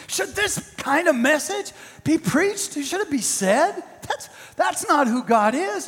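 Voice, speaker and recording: A male pastor preaches with emphatic repetition, slowing down to stretch out his key words. His voice is unusually high for a man, and it echoes with a long reverb that fills a large hall. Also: animated, fairly bright tone. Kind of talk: sermon.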